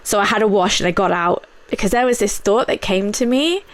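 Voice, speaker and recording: Woman, podcast host, candid personal monologue, halting with fillers, mid pitch, dry sound. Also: no room sound.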